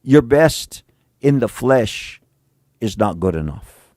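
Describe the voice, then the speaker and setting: A male pastor preaching a conversational sermon, mixing slang with Bible reading and swinging between emphatic and hushed delivery. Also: mid-range voice, lively intonation, slow, no echo, clean studio sound.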